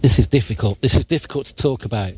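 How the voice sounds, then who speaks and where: A man hosting a live radio show, telling a jokey story in a chatty, animated way. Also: medium pitch, fast talker, husky. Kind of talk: casual radio chat. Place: radio studio.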